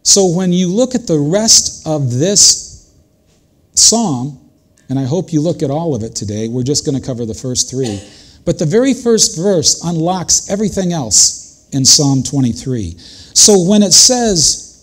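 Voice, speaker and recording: Older male pastor, earnest conversational sermon, slightly high voice, unhurried delivery. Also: expressive.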